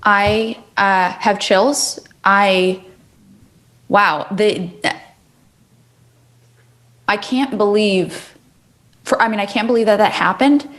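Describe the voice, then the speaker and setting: A woman's voice: medium pitch, takes it slowly, long pauses, a bit bright. A woman hosting a talk show, speaking intensely and recalling memories in candid conversation. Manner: intense, listing memories in a rush of questions. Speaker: host.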